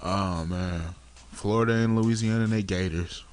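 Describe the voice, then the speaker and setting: A man's voice: fairly low pitch, fairly even intonation, a little slow, clean tone. A man co-hosting a podcast, joking around in laid-back casual banter. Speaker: podcast co-host. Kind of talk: casual chat.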